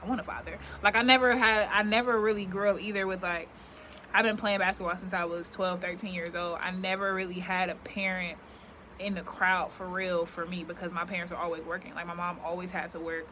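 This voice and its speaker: Speaking fairly quickly in a low-ish, bright voice, this young woman keeps a level tone but sounds forceful, with a little hiss or hum underneath. She's a vlogger chatting casually and reflectively to camera outside near some yard work, rambling with plenty of filler words.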